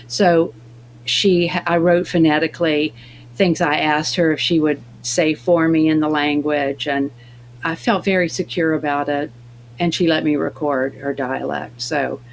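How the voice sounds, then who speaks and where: Low-voiced actress telling animated stories. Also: female voice, gravelly, slight background noise. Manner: animated storyteller acting out dialogue. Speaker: actress guest. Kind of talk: remote interview anecdote.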